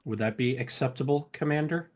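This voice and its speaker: A man's voice: medium pitch, a little fast. A man playing in a tabletop game, speaking in character in a polite, firm way with dry humor. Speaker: player.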